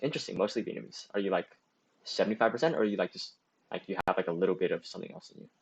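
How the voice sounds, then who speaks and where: A man's voice: low voice, very fast, creaky, breathy edge, low-quality recording. A young man, a student streamer, giving casual advice and answering chat, rambling with lots of fillers and restarts.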